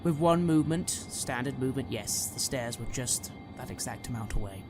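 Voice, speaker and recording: A man's voice: mid-range voice, animated, normal speed, over music. A man narrating a tabletop horror game as game master, telling the story dramatically.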